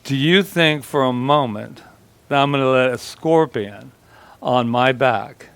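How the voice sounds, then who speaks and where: A man's voice: mid-range voice, unhurried, creaky, a bit bright, clear, resonant tone, no room sound. A male pastor voicing a wary frog in a spoken fable, talking in an incredulous, indignant way.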